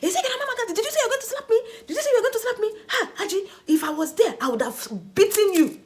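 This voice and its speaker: A furious Nigerian husband hammers the same accusations over and over, his voice pushed up high and loud, as a woman puts him on while telling the story. He sounds indignant and hurt. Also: very fast, close to an everyday voice. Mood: outraged. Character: angry shouting jealous husband, a man.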